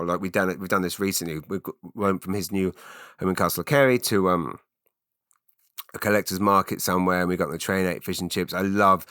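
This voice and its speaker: A man's voice: low voice, bright, forceful tone, no echo, clean studio sound. A middle-aged man, hosting a rambling solo podcast, full of fillers and restarts. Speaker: podcast host. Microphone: studio mic.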